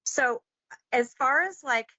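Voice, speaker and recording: A woman's voice: high-pitched, slow pace, bright, forceful tone, no room sound, muffled recording. A woman who is a guest on a podcast, earnest and meandering as she talks about a film. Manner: earnest, meandering, many fillers. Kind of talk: casual film discussion.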